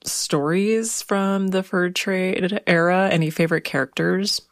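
A woman's voice: fairly low pitch, steady tone, a little slow, dry recording, clean studio sound. A woman interviewer asking curious, encouraging questions.

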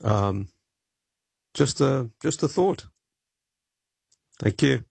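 A man calling in to a radio show, hoarse with a frog in his throat, speaking haltingly with many pauses and ums. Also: medium pitch, expressive, a little mellow, dry recording. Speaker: radio caller.

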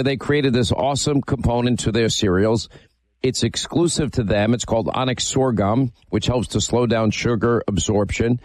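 A man's voice: mid-range voice, darkish tone, dry recording. A man hosting a radio talk show, chatting casually through a live ad read with frequent fillers.

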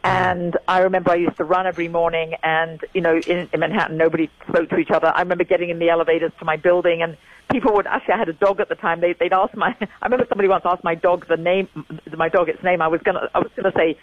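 A woman's voice: on the low side, steady tone, very fast, dry recording, phone-quality sound. A woman in her sixties with an English accent, giving an interview as a guest and repeating her points for emphasis. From England. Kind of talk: remote interview.

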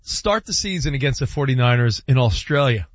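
A man co-hosting a casual sports talk show, animated and teasing as he goes through a team's schedule. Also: medium pitch, fairly quick, dry recording, dull audio. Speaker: sports radio co-host.

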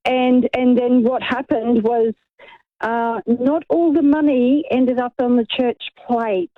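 A woman's voice: fairly high pitch, steady tone, takes it slowly, dry recording. Older woman calling in over a phone line. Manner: reminiscing, hesitant with ums. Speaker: caller. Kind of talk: phone-in anecdote.

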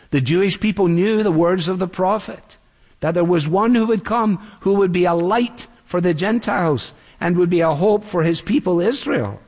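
A man preaching an earnest expository sermon. He slows down when he quotes scripture. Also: on the high side, a little mellow, long reverb tail.

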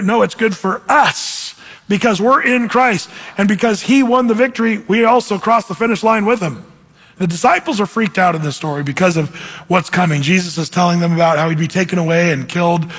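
A man preaching a sermon as pastor, lively and animated, acting out quoted voices. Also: high-pitched, brisk. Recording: hall reverb.

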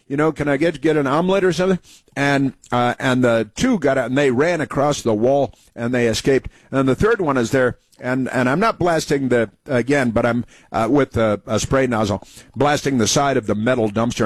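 A man's voice: mid-range voice, dry recording. A man from the United States hosting a talk radio show, telling stories in a rambling way with many fillers and restarts. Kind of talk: rambling conversational monologue.

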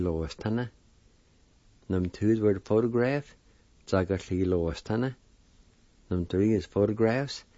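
A man teaching a weekly pronunciation lesson. He sounds out words slowly, syllable by syllable, and then repeats them whole. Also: deep voice, mellow, no room sound, dull audio. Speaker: language teacher.

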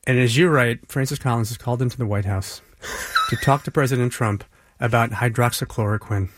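A man's voice: mid-range voice, brisk. A man interviewing an author, prompting him with questions and brief affirmations. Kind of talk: conversational interview.

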